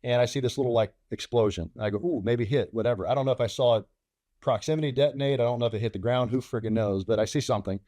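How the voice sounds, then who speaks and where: A man's voice: quick pace, dark tone, no echo, studio quality. A middle-aged man, a former fighter pilot, telling a combat story in an interview and acting out the radio calls and dialogue. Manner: acts out radio calls and dialogue, rising sharply in pitch. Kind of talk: animated war storytelling.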